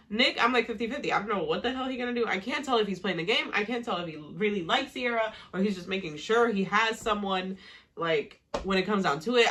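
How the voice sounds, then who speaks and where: Bright-voiced woman ranting casually. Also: mid-range voice. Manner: heated, profane, exasperated ranting. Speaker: reality TV recap vlogger. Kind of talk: casual reaction commentary.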